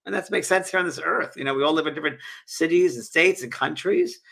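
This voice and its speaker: Husky animated man telling stories. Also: fast. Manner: animated storyteller, voices quoted people with pitch jumps. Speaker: psychic medium and show host. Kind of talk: casual live-show chat, storytelling.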